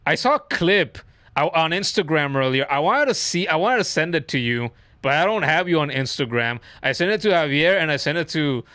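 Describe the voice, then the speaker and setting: There's no echo on this fairly high, animated voice, which comes out fairly quick, pushed, and bright. It belongs to a man in his thirties who rambles, swears, and laughs through funny stories while casually chatting on his game stream.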